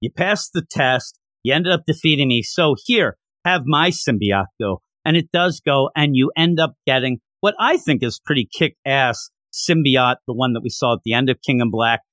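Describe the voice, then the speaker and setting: A young adult man casually recapping a comic, chatty and excitable, laughing often. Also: mid-range voice, no echo, studio quality. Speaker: comic book reviewer.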